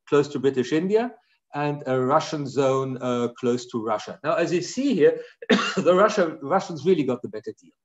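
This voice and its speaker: A man's voice: on the high side, lo-fi sound. Hesitant male professor lecturing. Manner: hesitant, many fillers. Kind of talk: academic lecture.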